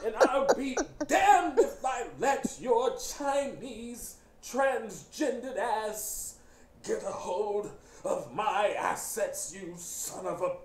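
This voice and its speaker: A man voicing a menacing older corporate man who speaks in a slow, halting, strained way. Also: high-pitched, animated, echoey room, heavily acted. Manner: slow, drawn-out, strained delivery.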